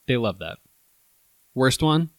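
A laid-back man tasting candy with a friend in casual chat. He has a mid-pitched voice and drops dry little jokes. The recording is close and dry. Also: sing-song, slow, dry recording.

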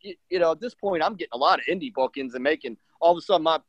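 Racing along in a slightly rough, higher-leaning voice, a middle-aged pro wrestler tells a story in a casual interview. He's animated, acting out what people said with many fillers, and the recording is dry, dull, and lo-fi.

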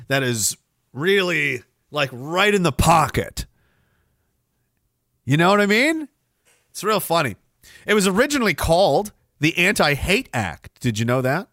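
A man's voice: on the high side, fairly bright tone, dry recording, studio quality. A man hosting a casual livestream podcast, rambling and sarcastic with mocking asides. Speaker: podcast host.

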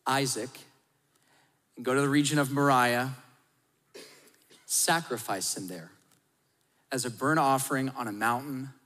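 A man in his thirties preaching a sermon, telling the story with animated acted-out voices and swings from loud to hushed. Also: mid-range voice, a little slow, pauses often, big-room sound. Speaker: pastor.

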